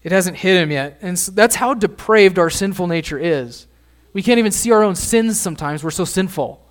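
A male pastor preaching a sermon in an easy, conversational manner, often turning to ask his listeners questions. His voice sits a bit higher than most men's. He sounds middle-aged.

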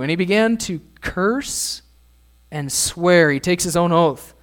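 A male pastor preaching a sermon in an easy, conversational manner, often turning to ask his listeners questions. His voice sits a bit higher than most men's. He sounds middle-aged. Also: moderate pace.

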